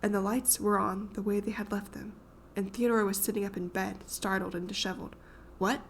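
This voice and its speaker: A woman reading an audiobook aloud in a measured, hushed, suspenseful manner. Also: medium pitch, level tone, slight background noise. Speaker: audiobook narrator. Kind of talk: scripted audiobook narration.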